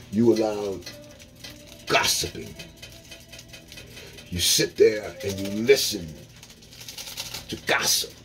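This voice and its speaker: A man's voice: lowish voice, a bit bright, low-quality recording. A man delivering a blunt, profane ranting monologue, swearing often and repeating words for emphasis.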